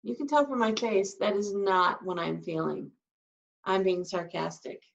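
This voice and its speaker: A woman with a mid-range, gravelly voice teaches a live sign language class at an unhurried pace. She explains signs and demonstrates, acting out emotions with her voice. The mic is distant, giving the recording a dull, lo-fi sound.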